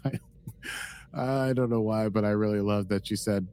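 A man's voice: on the low side, fairly even intonation, measured pace, pauses often, mellow. A man co-hosting a podcast in casual chat, rambling and playful with many fillers. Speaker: podcast co-host.

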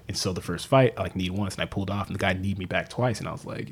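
A man's voice: low-pitched, racing, vocal fry, slight background noise. A man in casual conversation, telling stories animatedly and swearing freely, acting out what people said. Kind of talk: casual chat, storytelling.

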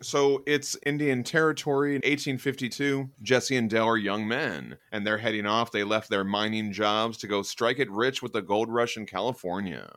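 Man, podcast host, lowish voice, casual book-club chat, lots of fillers, dry close sound. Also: steady tone, normal speed, hardly any pauses, a bit bright, no room sound. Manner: chatty recapping with many filler likes.

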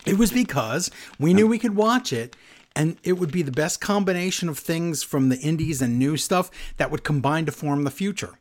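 A man with a slightly high, animated voice at a moderate pace co-hosts a casual wrestling podcast. He chats and reads listener emails aloud.

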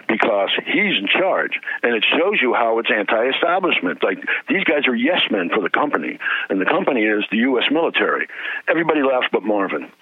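A man's voice: medium pitch, breathy edge, dry recording. Author guest, male, phone-line sound, acts out quotes while storytelling. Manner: animated storyteller acting out quotes. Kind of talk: casual interview chat.

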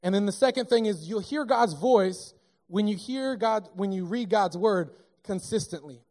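High-voiced man preaching an animated sermon. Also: moderate pace. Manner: animated, joking, conversational. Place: church sanctuary.

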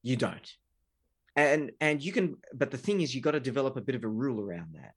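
A man's voice: mid-range voice, lively intonation, fairly quick, slightly rough. A middle-aged man, a relationship researcher, explaining couple conflict earnestly with examples. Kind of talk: explanatory interview talk.

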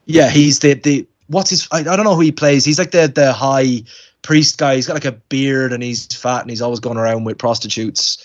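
Man, podcast co-host, animated storyteller who does the voices of his quotes, middle pitch, slightly dull lo-fi audio. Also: moderate pace. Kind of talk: casual storytelling chat. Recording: dull lo-fi sound.

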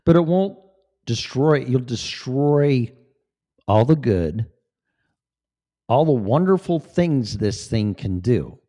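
Profane, animated man in his fifties. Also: mid-range voice, slow, pauses often. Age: 50s. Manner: profane, emphatic, digressive. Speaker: vlogger. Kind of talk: casual rambling monologue.

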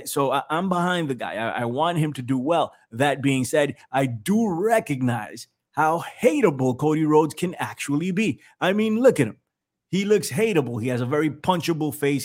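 A man hosting a podcast in casual chat, animated and jokey, laughing often as he riffs. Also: mid-range voice, normal speed. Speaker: podcast host.

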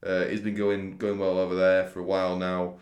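This racing tipster has a low, darkish voice and a completely flat delivery, speaking fairly quickly. Chatting casually about horse racing tips in a room with echo, he's thoughtful, a bit hesitant, and prone to repeating words.

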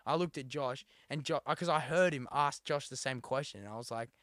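A young man with a mid-pitched voice rambles through a story, acting out what everyone said. He co-hosts a casual talk show. The recording is close and dry. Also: fairly quick, fairly bright tone, no echo. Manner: rambling, many fillers and quoted asides. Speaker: podcast co-host.

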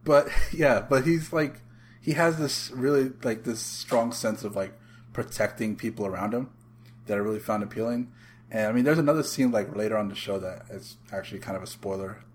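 Low-voiced man chatting loosely. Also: fairly quick, slight background noise. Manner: rambling, many fillers and restarts. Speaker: podcast panelist. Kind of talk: casual chat.

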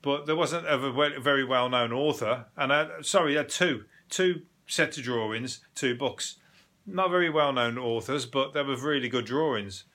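Bright-voiced sweary man. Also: medium pitch, moderate pace. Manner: blunt, sweary, rambling with restarts and laughs. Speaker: podcast host. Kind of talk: casual comedic monologue.

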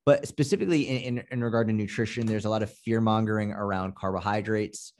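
A man's voice: on the low side, fairly even intonation, fast talker, darkish tone. A man with a Boston accent, a fitness coach and podcast guest, ranting bluntly and profanely in casual chat.

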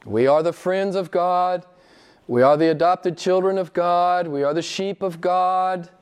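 A middle-aged pastor preaching a sermon, emphatic and questioning his congregation, jumping high in pitch when he quotes people. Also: a little slow, clean tone. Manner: emphatic, rising high when quoting others.

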